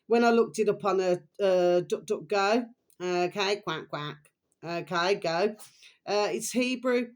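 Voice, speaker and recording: A woman chatting in a rambling, affectionate way, repeating pet phrases and dropping into soft asides while recommending videos. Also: mid-range voice, a little slow. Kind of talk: rambling casual vlog chat.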